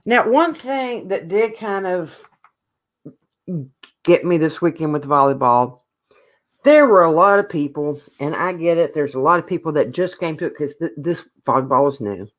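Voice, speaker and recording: Co-host, mid-pitched, ranting hard about sports in loose podcast chat. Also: animated, moderate pace. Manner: opinionated, ranting.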